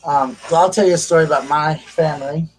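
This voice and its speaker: A man's voice: a little high, steady tone, fast. A man with a Southern US accent hosting a live call-in show, telling a story in a rambling way with lots of fillers. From South Carolina, US. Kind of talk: casual chat. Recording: distant mic with faint background noise.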